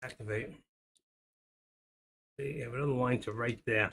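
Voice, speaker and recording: A man's voice: mid-range voice, fairly even intonation, moderate pace, a bit bright, a little hiss or hum. A middle-aged man hosting a stock trading livestream, chatting casually and talking to viewers by name. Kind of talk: casual live-stream chat while trading.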